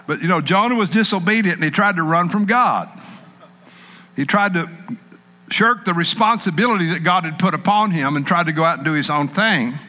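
A man preaching a sermon in an animated way, acting out panicked people in a raised voice. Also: high-pitched, brisk, big-room sound.

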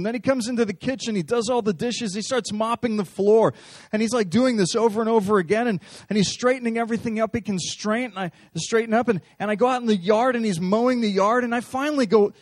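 A man's voice: high voice, fast, hardly any pauses, no room sound. A man preaching a sermon in a conversational, storytelling way, often restarting his phrases. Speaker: pastor.

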